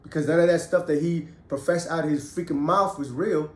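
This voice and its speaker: A middle-aged man who served time recounts his story candidly, blunt and heated, swearing freely with emphasis. He speaks fairly quickly in a steady tone, his voice on the high side and a little mellow, in an echoey room.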